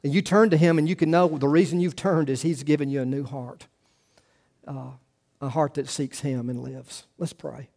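A middle-aged male pastor preaching a sermon, earnest, rising to emphatic quotes and dropping to hushed asides. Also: a little high, steady tone, normal speed, creaky.

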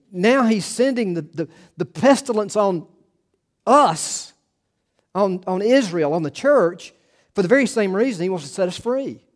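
Emphatic pastor, somewhat high voice. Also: male voice. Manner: emphatic, repeats words, quick asides. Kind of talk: sermon.

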